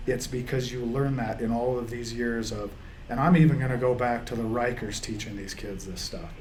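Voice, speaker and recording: This football coach has a mid-range, somewhat dark voice with fairly even intonation and a moderate pace. Reflecting emotionally in an interview, he rambles, restarts, and relives the season, choking up and laughing through tears over a little hiss or hum.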